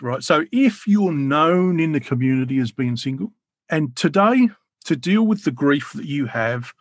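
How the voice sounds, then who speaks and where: A man's voice: on the high side, slightly rough, no echo. A man speaking as a guest, telling a personal story in a reflective, sometimes emotional way with frequent restarts. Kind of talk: candid personal conversation.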